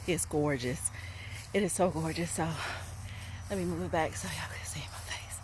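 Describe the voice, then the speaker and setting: A woman's voice: low voice, moderate pace, background noise. A woman, chatting enthusiastically to a handheld phone camera outdoors on a farm. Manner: enthusiastic, chatty, keeps saying y'all. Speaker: homestead vlogger. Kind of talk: casual vlog talk to camera. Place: outdoors on a rural hillside farm.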